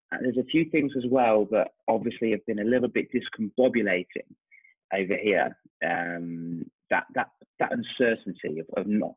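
English man in his thirties, husky low voice, thoughtful and rambling, dry tinny call audio. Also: dry recording. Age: 30s. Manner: thoughtful, rambling, frequent restarts and fillers. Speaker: host, confidence coach. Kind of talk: casual interview chat.

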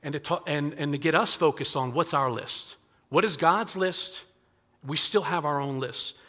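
A male pastor gives a conversational sermon, often restarting phrases and slipping into the voices of scripture figures. His voice sits a little high and sounds bright and forward. The sound carries the long reverb of a church sanctuary. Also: moderate pace. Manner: conversational preaching with frequent restarts and acted-out quotes.

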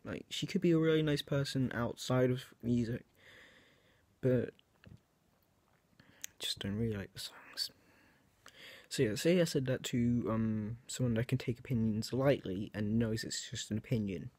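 A man's voice: mid-range voice, unhurried, pauses often, a little mellow, dry recording. A teenage man talking to camera in a rambling, hesitant monologue, correcting himself often and filling gaps with "um" and "like". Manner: rambling, hesitant, self-correcting, with frequent fillers. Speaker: video creator.

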